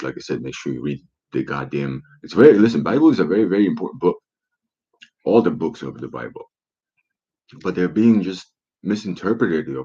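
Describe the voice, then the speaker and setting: A man's voice: very deep voice, darkish tone. A man talking in a profane, rambling monologue full of rhetorical questions, on a dull lo-fi recording.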